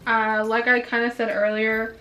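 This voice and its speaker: A woman's voice: a little high, monotone, moderate pace, pushed and bright, lo-fi sound. A young woman filming a casual makeup review at home, chatting and venting her frustration, a bit out of breath. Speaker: beauty vlogger. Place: indoors at home, filming herself.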